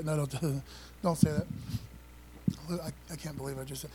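Guy preaching a sermon, kinda high voice, lots of call and response to the church. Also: normal speed, pauses often, slight background noise, low-quality recording. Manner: animated call-and-response preaching, repeats phrases. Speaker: pastor.

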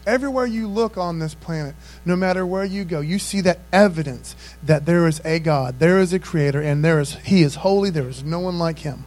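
Male preacher, high voice, folksy, laughing, casual sermon. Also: a little fast, few pauses, a little mellow. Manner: folksy, laughs often, says "man" a lot.

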